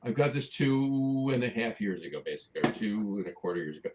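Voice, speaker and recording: A man's voice: fairly low pitch, lively intonation, fast, heavy background noise. A man with a New Jersey accent co-hosting a casual podcast, talking eagerly and repeating phrases for emphasis. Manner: enthusiastic, repeats himself for emphasis. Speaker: podcast co-host. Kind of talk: casual chat.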